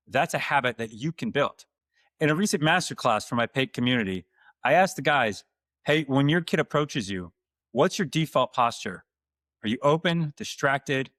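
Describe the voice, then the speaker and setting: A man hosting his own podcast, delivering a calm, earnest, scripted monologue to fathers. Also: mid-range voice, no room sound, studio quality. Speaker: podcast host.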